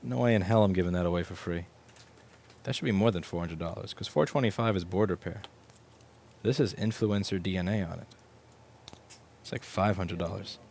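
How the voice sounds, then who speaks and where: A man's voice: sits low, brisk, creaky, pauses often, a little mellow, slight background noise. A man with a New York accent, chatting casually and joking wryly as he repairs a laptop on a live stream. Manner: wry, joking, swears casually. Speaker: repair technician streaming his work. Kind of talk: casual live-stream chat while working.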